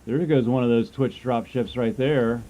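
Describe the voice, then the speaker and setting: A man's voice: mid-range voice, fairly even intonation, normal speed, mellow, muffled recording. A man giving casual, joking commentary while streaming a game, chatty and rambling as he plays.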